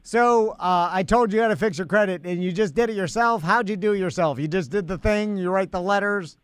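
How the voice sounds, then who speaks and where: A man co-hosting a comedy radio show and taking calls, easygoing and quick to laugh at himself. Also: high-pitched, smooth, no room sound. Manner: easygoing, laughs a lot, self-deprecating. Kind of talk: casual comedic banter.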